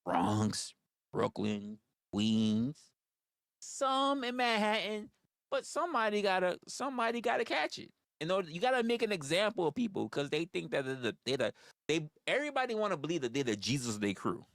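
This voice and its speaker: A man's voice: sits high, sing-song, moderate pace, gravelly, fairly bright tone, no echo, studio quality. A man, rambling through profane stories on a casual livestream. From New York. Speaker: livestream host.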